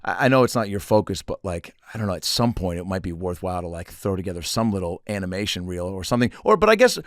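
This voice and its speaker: A man's voice: low-pitched, very animated, quick pace, no echo, clean studio sound. A man hosting a podcast, laid-back and encouraging in casual chat with a guest. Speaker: podcast host.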